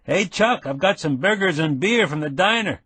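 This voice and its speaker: Brash eager young man, voiced by a male narrator, higher and husky, breezy slang, close dry sound. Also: animated, normal speed, a bit bright, no echo, exaggerated voice. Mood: urgent friendly. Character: friendly, brash younger man posing as a diner worker.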